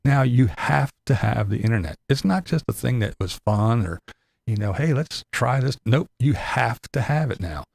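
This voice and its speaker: A man's voice: mid-range voice, animated, moderate pace, vocal fry, darkish tone, no echo. An older man with grandkids, cursing and laughing through a sarcastic rant in his vlog. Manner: profane, sarcastic, laughing often. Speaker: vlogger. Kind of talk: ranting monologue.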